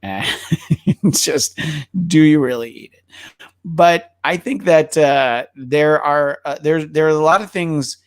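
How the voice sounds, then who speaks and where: A man's voice: fairly high pitch, slow pace, clean tone, no room sound. A man hosting a podcast, chatting casually about movies and often stumbling over his words in restarts. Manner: hesitant, many restarts and fillers. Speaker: podcast host.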